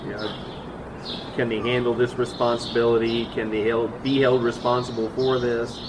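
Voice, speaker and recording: Casting: calm, dry male co-host, middle pitch, clear background noise behind him. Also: normal speed. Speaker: podcast co-host. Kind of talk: casual chat.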